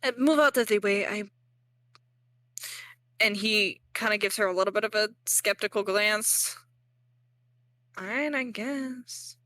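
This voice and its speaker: A woman's voice: mid-range voice, fairly even intonation, normal speed, long pauses, sharp tone, no room sound. A young woman narrating as game master in a casual, rambling way, full of fillers and joking at herself.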